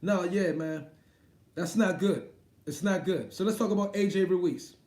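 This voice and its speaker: A man's voice: high-pitched, a little slow, a little mellow. A man hosting a casual boxing live stream, talking loosely, swearing and laughing often. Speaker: boxing livestream host. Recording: echoey room.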